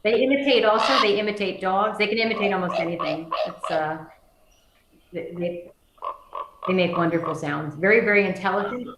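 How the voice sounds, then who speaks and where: A woman's voice: mid-range voice, normal speed, noisy background. Chatty birding woman in an echoey room. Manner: chatty, with many fillers and restarts. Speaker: birding workshop presenter. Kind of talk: virtual lecture with slides.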